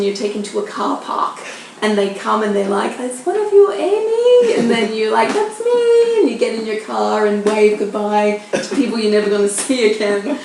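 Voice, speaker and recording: A woman's voice: mid-range voice, gravelly, darkish tone. An Australian woman in her thirties, a journalist telling anecdotes in a podcast interview, acting out the voices she quotes. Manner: chatty storyteller, acts out quoted voices. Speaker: journalist guest. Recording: very echoey room, faint noise.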